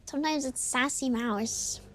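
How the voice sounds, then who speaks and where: A woman streamer chatting casually with her chat while gaming, animated and giggly. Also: high voice, a little slow, slight background noise.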